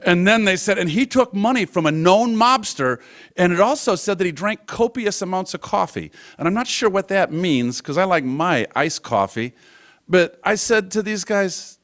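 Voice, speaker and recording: A man performs a personal story for a live audience, his fairly high voice easy and conversational. He jumps up and down in pitch as he acts out each line of dialogue. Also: sing-song, moderate pace. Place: museum event stage.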